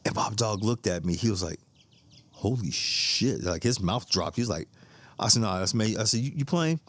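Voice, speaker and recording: A middle-aged man with a lowish voice, hosting a podcast and telling stories in a loose, rambling way. He repeats himself as he goes, laughs easily, and swears casually. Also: brisk. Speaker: podcast host. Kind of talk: casual storytelling monologue.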